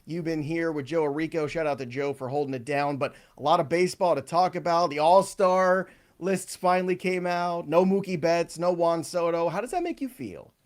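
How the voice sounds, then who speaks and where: Upbeat male sports podcast host, slightly high voice, joking. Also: moderate pace. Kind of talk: casual sports chat.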